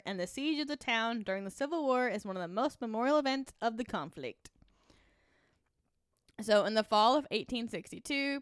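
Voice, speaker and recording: Bright-voiced woman podcast co-host. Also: fairly high pitch, no echo, studio quality. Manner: laughs often, lively reading. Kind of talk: reading ad copy and history, casual chat.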